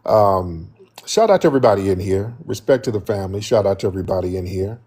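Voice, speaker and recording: A man's voice: sits low, expressive, fast, dark tone, breathy edge. A man hosting a live stream, talking casually and joking with his viewers. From United States.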